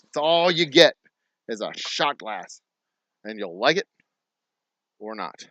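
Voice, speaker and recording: A man's voice: fairly low pitch, big pitch swings, slow pace, pushed and bright, dry recording, lo-fi sound. A man with a Texan accent running a distillery's channel, ranting sarcastically with lots of swearing and mocking imitations. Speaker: distillery owner hosting a channel. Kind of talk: ranting casual talk to camera.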